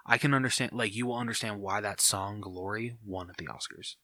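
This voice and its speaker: A man's voice: fairly low pitch, fairly even intonation, a little fast, sharp tone, dry recording. A man co-hosting a casual podcast chat, easygoing and enthusiastic, with lots of filler words. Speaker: podcast co-host.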